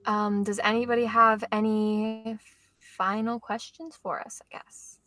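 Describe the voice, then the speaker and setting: A woman's voice: fairly high pitch, little pitch movement, unhurried, bright, forceful tone, a little hiss or hum. A chatty, upbeat teenage girl in a casual talk about writing. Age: teens. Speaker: author and co-host.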